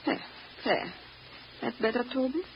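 An actress playing an upset, protective housekeeper mother who talks in an emotional, halting way, in old-time radio drama with a dull, faintly hissy recording. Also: on the high side, animated. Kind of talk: 1940s radio acting.

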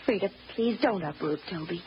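An actress playing a flustered, pleading well-to-do widow, in old-time radio drama with a dull, faintly hissy recording. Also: female voice, on the low side, animated, brisk. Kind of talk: 1940s radio acting.

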